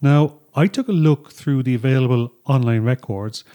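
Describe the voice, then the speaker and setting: A man co-hosting a podcast, explaining things in a relaxed way with filler words. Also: medium pitch, normal speed, dull audio. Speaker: podcast co-host. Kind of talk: explanatory conversational podcast talk. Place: home studio.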